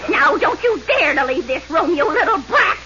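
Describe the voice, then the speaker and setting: A woman's voice: high voice, very animated, normal speed, over a noisy crowd. A woman playing a scheming, cruel wicked stepmother in a 1930s radio comedy, snapping and cackling her lines. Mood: scornful. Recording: dull, noisy 1930s radio broadcast.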